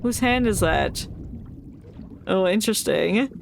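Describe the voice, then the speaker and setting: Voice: medium pitch, expressive, takes it slowly, vocal fry, a little hiss or hum. Playful streamer reading a game story. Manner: playful, laughing, joking asides. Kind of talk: reading game story aloud with live reactions.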